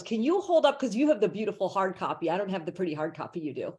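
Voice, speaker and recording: A woman's voice: mid-range voice, very animated, quick pace, a little mellow. A woman hosting an interview over a video call, chatty, enthusiastic and effusive in her praise. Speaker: podcast host. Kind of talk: interview conversation.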